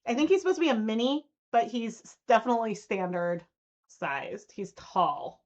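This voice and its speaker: A woman in her thirties hosts a live stream, chatting easily while she works at her spinning wheel. Her voice sits on the high side and comes through muffled and lo-fi. She talks in a loose, giggly way. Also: expressive, moderate pace, darkish tone. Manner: chatty, giggly, cooing baby talk to her dog. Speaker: fiber arts channel host.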